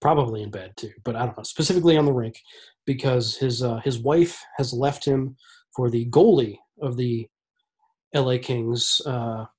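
A man's voice: mid-range voice, normal speed, a little mellow, breathy edge. A man hosting a casual podcast, explaining things with wry sarcasm. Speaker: podcast host.

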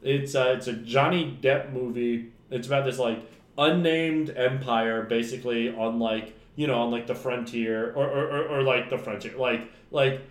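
A podcast co-host chats casually about films, rambling, swearing often and laughing a lot. His medium-pitched voice is steady at a normal speed, and the recording has a roomy echo.

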